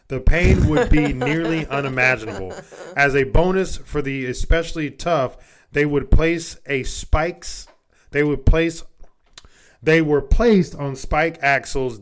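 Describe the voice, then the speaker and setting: A man's voice: on the high side, slow pace. A man co-hosting a casual podcast, reading a list aloud, stumbling over words and swearing. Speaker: podcast co-host.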